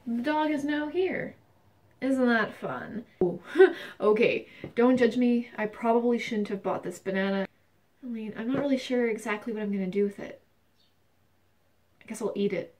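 Deadpan young woman, mic at a distance. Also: on the high side. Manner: deadpan mock-earnest, drops into mutters. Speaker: vlogger. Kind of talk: mock haul video.

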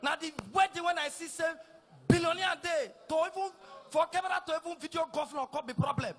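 A middle-aged Nigerian man with a Nigerian Pidgin accent, doing a teasing stand-up routine that repeats lines and shouts punchlines. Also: very high-pitched, quick pace. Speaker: stand-up comedian. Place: live comedy stage.

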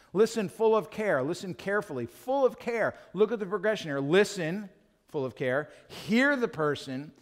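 A man preaching a sermon as pastor, animated and acting out little scenes as he teaches. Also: on the high side. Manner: animated, acts out quotes in other voices. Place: church. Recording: long reverb of a church hall.

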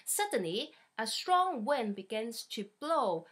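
Slow, lively woman reading a storybook. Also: on the high side. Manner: slow, animated and playful, talking to a small child. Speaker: storybook reader. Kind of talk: reading a children's picture book aloud. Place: at home.

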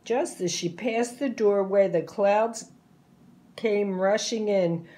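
A woman reading a children's picture book aloud in a slow, deliberate voice. Her narration is clear and expressive, pitched in an ordinary middle range. She takes her time over each sentence, as if for young listeners.

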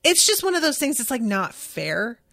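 A woman's voice: sits high, very animated, moderate pace, vocal fry, pushed and bright, dry recording, clean studio sound. A woman hosting a podcast, recapping a TV episode in casual chat with plenty of enthusiasm and swearing, and reading out listener comments. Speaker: podcast host.

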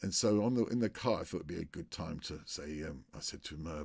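A man's voice: extremely low pitch, fast, creaky, few pauses, a little mellow, husky, no echo. An older man telling a rambling anecdote in a casual way. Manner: rambling, with many fillers and restarts. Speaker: storyteller.

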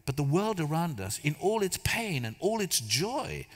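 A man's voice: a little high, big pitch swings, normal speed. Storytelling man preaching in a reverberant hall. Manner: storytelling, conversational, self-deprecating humor. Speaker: church speaker. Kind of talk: sermon. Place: large church hall.

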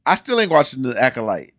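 Animated forty-year-old American man, dry sound. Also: medium pitch, no room sound. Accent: American, Ohio. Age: 40s. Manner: animated, swings between loud exclamations and muttered asides. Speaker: YouTube host reacting to a music video. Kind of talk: casual reaction commentary.

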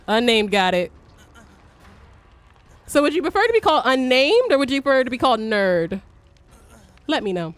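Young woman streamer, excitable live game commentary, swears, shrieks. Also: high-pitched, normal speed, long pauses, no echo.

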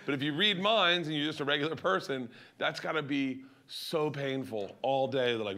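A middle-aged man, a comedian, telling crude stories in an animated way and laughing at his own jokes. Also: fairly high pitch, brisk, few pauses. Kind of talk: comic storytelling.

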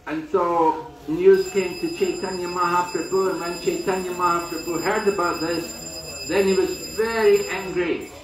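A man's voice: sits high, recorded from a distance. Man telling a sacred story with echo. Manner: unhurried storytelling with acted quotes and restarts. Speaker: swami giving a talk at a holy site. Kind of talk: storytelling sermon on a pilgrimage. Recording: echoey, voice from away from the mic.

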